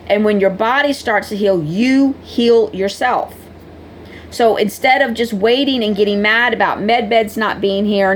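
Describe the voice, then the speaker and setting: A woman's voice: fairly high pitch, a little hiss or hum. A woman vlogger talking casually and bluntly to her viewers, scolding them in a preachy way. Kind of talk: casual direct-to-camera talk.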